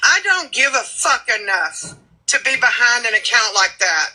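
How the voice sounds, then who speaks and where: A woman's voice: on the high side, very animated, normal speed, sharp tone, poor audio. A woman in a livestream monologue, blunt, profane and defiant as she speaks her mind.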